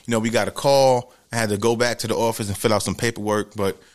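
A man putting on the voice of a calm police officer who speaks low and quiet. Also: fast, lightly acted. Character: calm, matter-of-fact male police officer.

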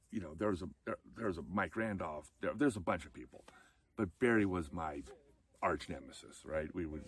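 A man's voice: a bass voice, slightly rough. A man telling his own life story candidly and emotionally, close to tears at times. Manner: emotional, candid, acts out quoted friends in a raised voice. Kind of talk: personal storytelling talk.

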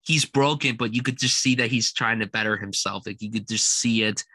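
A young man with a bright, forward voice chats eagerly about a favorite film. His delivery is dry and close, with no room sound. He talks in quick, excited bursts. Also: fairly low pitch, no room sound. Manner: enthusiastic, quotes lines in loud put-on voices. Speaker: film podcast co-host. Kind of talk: casual film review chat.

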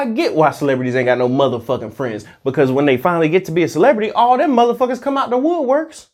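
Ranting vlogger, swears constantly, voice jumps all over the place, loud then muttering. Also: medium pitch, lively intonation, fast talker, few pauses. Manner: profane, heated and preachy; swings between loud outbursts and muttered asides. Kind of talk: ranting monologue to camera.

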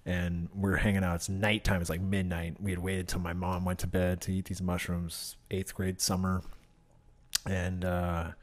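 A man casually telling stories from his youth, loose and profane, slipping into loud high voices when he quotes people. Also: completely flat delivery, moderate pace. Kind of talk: casual storytelling.

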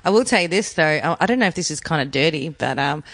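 A woman's voice: deep voice, lively intonation, quick pace, a bit bright. A woman, co-hosting a podcast and telling blunt, profane stories in casual chat. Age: 30s. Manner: blunt, profane storytelling with acted-out quotes. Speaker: podcast co-host.

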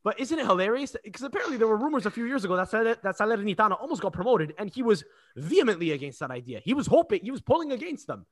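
A man hosting a football podcast, chatting casually and excitedly. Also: high-pitched. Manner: excitable, quick, animated storytelling. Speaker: podcast host. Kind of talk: casual chat.

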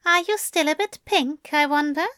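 A fussy, courteous male angel, as a woman reading aloud puts him on, soft-spoken and exact. The voice sits noticeably higher and a touch louder than her narration. It is recorded dry and close. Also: normal speed, no echo. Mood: gentle, coaxing. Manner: polite and precise, murmuring.

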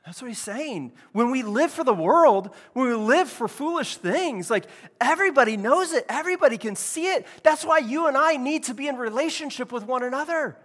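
A man pastor preaching a lively, conversational sermon in a church. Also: very high voice, moderate pace. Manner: conversational, animated preaching with casual asides. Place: church building.

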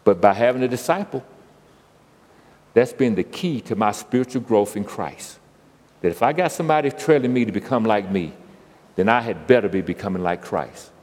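A man's voice: on the low side, lively intonation, normal speed, darkish tone. A man preaching a sermon as pastor, folksy, calling out to the congregation. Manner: call-and-response preaching, folksy. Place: church sanctuary. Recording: long church reverb.

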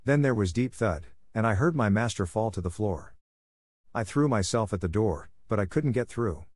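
A man voicing a timid little male terrier dog with a soft, self-effacing voice. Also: lowish voice, lively intonation, moderate pace, breathy edge, dry recording, clean studio sound. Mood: telling.

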